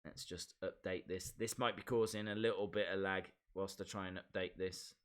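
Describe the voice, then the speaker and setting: A man's voice: sits low, fairly even intonation, normal speed. A man hosting a casual live stream, chatting and reading viewer comments aloud with lots of repeated phrases.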